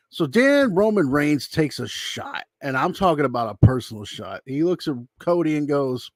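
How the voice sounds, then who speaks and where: A man's voice: mid-range voice, lively intonation, moderate pace, few pauses, no echo, clean studio sound. A man giving a casual, rambling spoken recap with his opinions, acting out quotes as he tells them. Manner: loose, rambling retelling, acts out quotes. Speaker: YouTube commentator.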